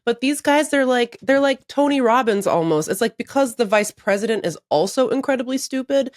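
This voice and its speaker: A woman's voice: on the high side, expressive, a little fast, no echo, clean studio sound. A woman co-hosting a podcast in casual chat, rambling through asides and laughing often. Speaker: podcast co-host.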